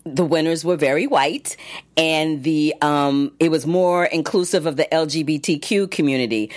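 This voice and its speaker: A woman's voice: sits low, normal speed. A woman actress hosting casual entertainment news, chatty with many fillers and restarts as she reads long lists of nominees.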